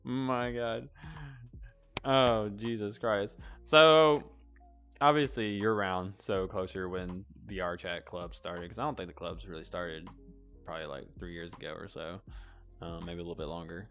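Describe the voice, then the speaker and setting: A man with a Southern accent from North Alabama chats loosely and laughs a lot, his voice bright and forceful. The sound is a bit dull, with faint music underneath. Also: low voice, a little slow. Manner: laughs often, animated swings of loudness. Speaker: podcast host, club owner. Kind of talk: casual chat.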